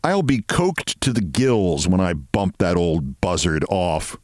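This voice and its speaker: A man voicing a meek, prim middle-aged office clerk who speaks quietly and drily, in a read-aloud story. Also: deep voice, slow, no echo, voice pushed down. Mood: deadpan. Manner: quiet, calm and dry.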